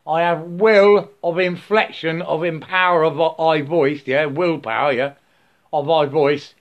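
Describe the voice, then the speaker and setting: A man's voice: fairly high pitch, fairly bright tone. A man giving a rambling spiritual monologue, checking in with the listener and breaking into laughs.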